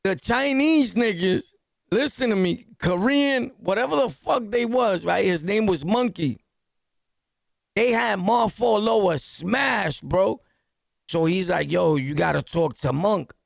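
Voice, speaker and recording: Podcast host, male, New York accent, high fry-edged voice, slangy animated storyteller. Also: slow, dry recording, clean studio sound. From New York City. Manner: animated, slangy, punchy storytelling with sound-effect words. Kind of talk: storytelling jail anecdote.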